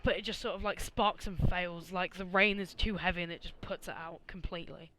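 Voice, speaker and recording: A man's voice: sits high, fairly even intonation, brisk, bright, forceful tone. A man running a tabletop game as game master over a video call, casual and full of fillers.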